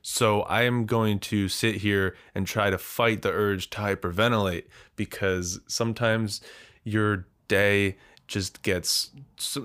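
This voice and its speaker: A man with a fairly low voice talks slowly through his own solo podcast, a little out of breath after eating too much. He rambles in a self-deprecating way, stopping and restarting his thoughts. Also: a bit bright, clear, resonant tone. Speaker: podcast host. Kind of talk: casual solo podcast monologue.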